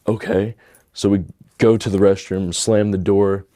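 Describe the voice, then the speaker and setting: A man's voice: lowish voice, flat delivery, measured pace, dark tone, no echo, clean studio sound. A young man giving a casual personal testimony, full of "like" and "dude". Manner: casual, heavy use of "like" and "dude".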